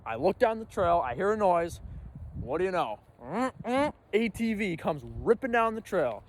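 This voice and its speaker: A young man telling a casual storytime vlog, animated and acting out his own panicked reactions. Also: sits high, moderate pace, a little hiss or hum. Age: young adult. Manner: animated, acts out his own reactions with sudden loud bursts. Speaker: storyteller vlogger.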